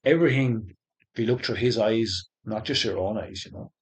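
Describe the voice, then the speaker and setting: Earnest man sharing his faith story. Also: lowish voice. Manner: halting, earnest, many restarts and fillers. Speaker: interview guest. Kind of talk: conversational faith testimony.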